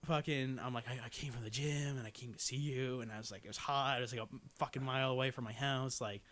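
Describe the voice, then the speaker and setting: A man's voice: medium pitch, steady tone, quick pace, a bit bright. A young man, a podcast guest, telling a story in casual chat, rambling and full of "like" and swearing. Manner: rambling, lots of "like", swears freely.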